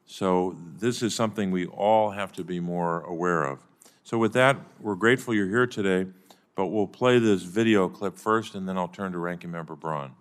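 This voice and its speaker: An older man chairing a formal hearing, giving measured opening remarks with some halting restarts. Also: sits low. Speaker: committee chairman.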